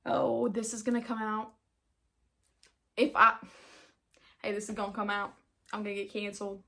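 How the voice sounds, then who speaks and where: This nineteen-year-old runs her own podcast and chats casually on her own, rambling, giggling, poking fun at herself and slipping into a put-on accent now and then. Her mid-range voice is creaky, pushed and bright, with a level tone at normal speed.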